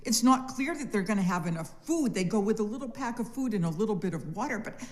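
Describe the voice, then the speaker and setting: A middle-aged woman teaching a church adult education class, telling the story in a lively way with wry asides. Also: medium pitch, fast talker.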